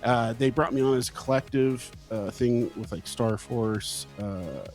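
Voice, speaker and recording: A man's voice: medium pitch, a little slow, darkish tone, faint music behind. A man from California, a guest musician in a casual interview, who tells laid-back stories, swears freely and acts out his own past thoughts.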